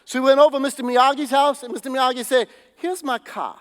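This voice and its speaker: A man preaching a sermon as pastor, telling stories in a loose, conversational and animated way. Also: very high-pitched, rapid-fire, smooth, big-room sound. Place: church sanctuary.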